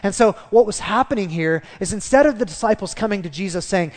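A man preaching a sermon as pastor, animated, acting out the voices of the people in his story. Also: high voice, brisk, big-room sound.

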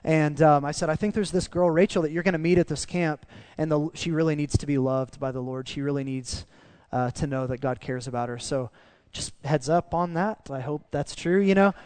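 Guy preaching, kinda high voice, chatty and earnest, dry close sound. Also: a little fast, hardly any pauses, clean tone, no echo. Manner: conversational, earnest, dips soft in emotional parts. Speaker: pastor. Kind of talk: sermon with storytelling.

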